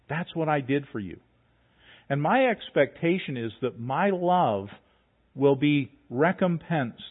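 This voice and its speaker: A man preaching a sermon as pastor, earnest, with repeated words and rising emphasis. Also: on the high side. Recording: tinny phone-like sound.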